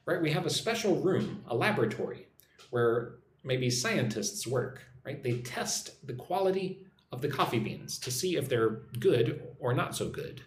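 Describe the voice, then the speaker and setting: A man's voice: mid-range voice, very animated, moderate pace. A man leads a live-streamed English lesson, his voice rising and falling a lot as he reads chat messages aloud and checks in with "right?". He is recorded in an echoey room with faint background noise. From United States. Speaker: online English teacher. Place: room in Vietnam.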